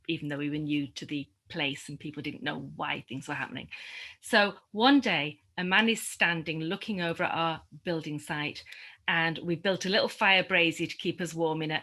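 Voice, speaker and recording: A middle-aged woman telling a reflective personal story in a group conversation, animated and often laughing. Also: sits low, normal speed. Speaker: community discussion participant.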